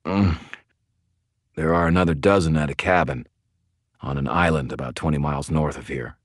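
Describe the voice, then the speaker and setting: A man voicing a weak, injured young male vampire who speaks feebly and quietly in a deep voice. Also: moderate pace, no room sound, studio quality. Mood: weary.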